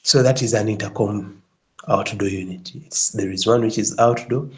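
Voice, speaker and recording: A man with a fairly low voice leads a live tutorial on building design. He keeps checking in with his listener and often restarts his phrases. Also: moderate pace, low-quality recording. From Kenya. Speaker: instructor.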